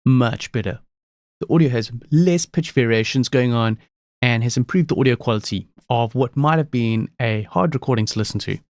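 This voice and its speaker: A man presenting a screen-recorded software tutorial, explaining each step calmly. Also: mid-range voice, moderate pace.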